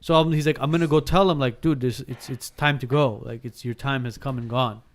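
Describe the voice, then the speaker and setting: Animated storytelling man. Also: medium pitch, fairly quick. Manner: animated, acts out dialogue, frequent restarts. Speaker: podcast guest telling a story. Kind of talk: casual storytelling.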